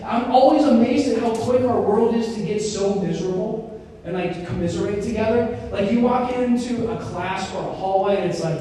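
A man's voice: high voice, moderate pace. A young man giving a casual faith talk, telling stories with lots of fillers. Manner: animated storytelling with many fillers. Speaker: speaker on Christian formation. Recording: very echoey hall, mic far off, faint noise.

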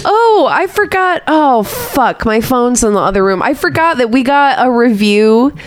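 A young woman co-hosts a podcast in a playful, teasing way. Her voice sits a little high and sounds smooth and clear. The sound is close and dry. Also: very animated, unhurried, no room sound. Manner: playful, teasing, laughs often. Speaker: podcast co-host. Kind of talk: casual chat.

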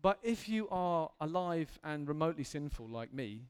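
A man's voice: fairly high pitch, lively intonation, normal speed, clear, resonant tone. A man preaching an earnest, candid sermon in a church hall, building to emphatic intensity.

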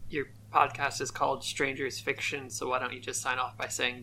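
A man's voice: mid-range voice, level tone, moderate pace, pushed and bright, slight background noise, poor audio. A man, a podcast guest talking in an easygoing, explanatory way. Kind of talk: casual podcast chat.

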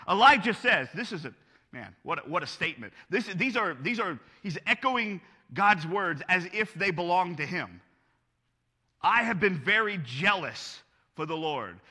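A man's voice: high voice, sharp tone, in a large hall. A man preaching a sermon as pastor, earnest and conversational, asking his listeners rhetorical questions.

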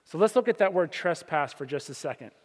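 A male pastor preaching a sermon in a relaxed, conversational way, with sudden loud stresses and hushed asides. His voice sits a little high for a man. It rings with long reverb, as if in a large church sanctuary. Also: a little fast. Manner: conversational preaching, swings between loud emphasis and quiet asides.

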